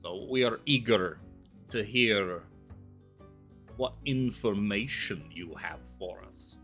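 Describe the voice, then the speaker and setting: A man voicing a gruff pirate captain and a squinting tavern goblin in a tabletop game. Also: on the low side, unhurried, bright, forceful tone, soft background music, full character voice. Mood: formal.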